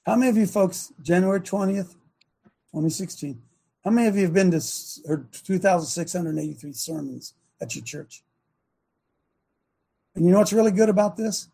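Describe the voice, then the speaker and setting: A man hosting a long-running preaching talk show, with a gravelly, fry-edged voice. His tone is dark and husky, and he presses rhetorical questions emphatically, like a sermon. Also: high-pitched, animated, normal speed, pauses often.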